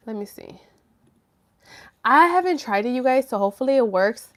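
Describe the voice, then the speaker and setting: A woman's voice: a little high, big pitch swings, brisk. A woman hosting a casual live stream from home, chatty and rambling, swearing freely. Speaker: livestream host. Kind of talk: casual livestream chat.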